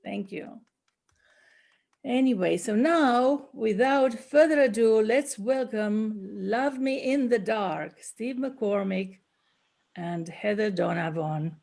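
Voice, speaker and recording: Soft, slow-talking high-voiced woman host. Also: vocal fry. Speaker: salon host. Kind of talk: welcoming remarks at an online gathering. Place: home.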